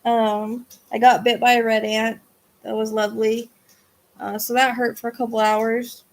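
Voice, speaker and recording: A woman hosts a casual livestream from home and sounds tired and drained. Her voice sits a little high, and she rambles, starting sentences over and letting them trail away. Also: little pitch movement, moderate pace. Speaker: psychic livestream host. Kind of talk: casual livestream chat with viewers.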